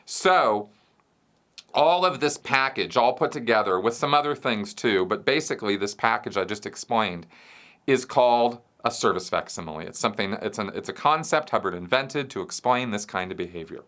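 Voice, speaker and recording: With a lowish, expressive, fairly bright voice at a moderate pace, this show host responds to viewer questions alone. He breaks the idea down step by step, regularly checking in with the listener through "right?" and "you see".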